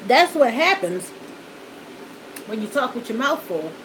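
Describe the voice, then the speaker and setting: A woman's voice: fairly high pitch, big pitch swings, a little slow, noisy background. A woman vlogger chatting folksily to her viewers while eating, at home in front of a backdrop and studio lights. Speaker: mukbang vlogger.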